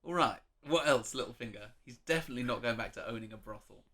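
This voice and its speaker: A man co-hosting a casual chat, enthusiastic, with quick bursts of excitement. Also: mid-range voice. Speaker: podcast co-host.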